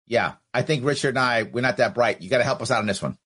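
This podcast host speaks quickly in a medium-pitched, fairly bright, slightly rough voice. He argues his view with rhetorical questions and reads out listener comments, acting out both sides of each exchange.

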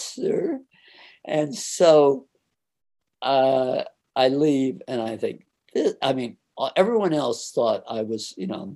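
An older man recounts a story from his working life at an unhurried pace. He slips into the voices of the people in it and laughs along the way. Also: mid-range voice. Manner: animated anecdote-telling, acts out voices and laughs often. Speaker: interviewee recalling his career. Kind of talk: casual storytelling.

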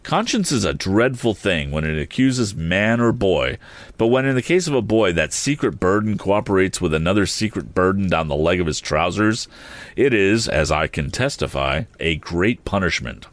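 A man narrating a classic novel as an audiobook, in a measured, steady storytelling manner. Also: sits low, no room sound.

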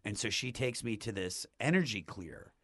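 Low-voiced man telling a rambling story. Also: normal speed, no room sound, clean studio sound. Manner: rambling, animated storyteller with restarts. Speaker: podcast guest. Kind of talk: casual storytelling chat.

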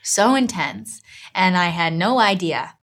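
A woman's voice: lowish voice, very animated, a little slow, a bit bright. A young woman with an American accent, from Miami, chatting as a guest in an interview with a giggly, rambling manner. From Miami, Florida. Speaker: actress guest. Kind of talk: casual interview chat.

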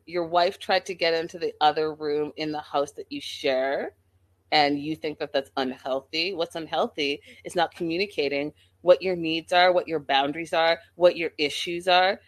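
Woman, sassy, lively recap host, speaking to camera. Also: fairly low pitch. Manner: sassy, animated, talks straight to viewers. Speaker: reality TV recap vlogger. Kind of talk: casual recap commentary.

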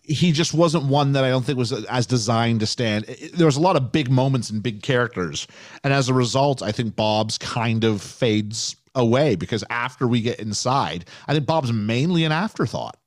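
A man's voice: medium pitch, normal speed, dry recording, studio quality. A man guesting on a podcast, thinking aloud with many restarts and frequent chuckles as he talks about a film. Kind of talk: casual film discussion.

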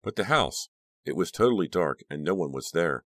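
A man's voice: sits low, expressive, moderate pace, fairly bright tone, dry recording, studio quality. A man voicing a nervous, suspicious teenage girl in an audiobook reading. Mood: uneasy.

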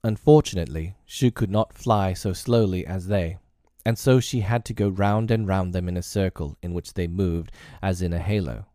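A man narrating a classic children's novel aloud in a measured storytelling manner. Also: sits low, warm tone, no echo, studio quality.

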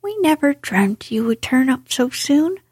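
A woman voicing a cheerful, excitable male mole in a storybook, in whispered role-play. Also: high-pitched, measured pace, slightly rough, no echo, studio quality, full character voice. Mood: delighted. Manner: eager and gushing.

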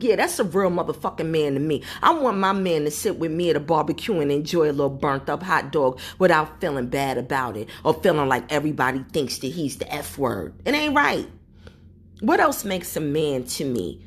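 Husky, blunt woman podcast host. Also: fairly low pitch. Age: 40s. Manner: blunt, profane, storytelling. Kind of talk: solo casual podcast talk.

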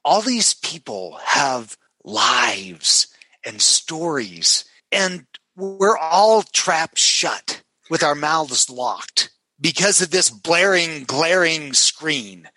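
Middle-aged man, podcast guest, a fairly high and bright voice, dramatic storyteller who acts out every quote. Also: dry recording, low-quality recording. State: emotional. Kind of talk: animated storytelling.

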